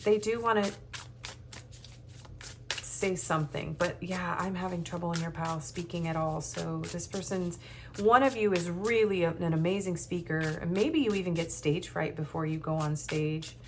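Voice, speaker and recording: A nervous woman reading tarot cards in a loose, rambling way, full of ums and small restarts. Her voice sits on the lower side, with a faint hum behind her. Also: moderate pace. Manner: rambling, hesitant, with many ums and soft laughs. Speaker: tarot reader. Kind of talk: casual tarot reading monologue.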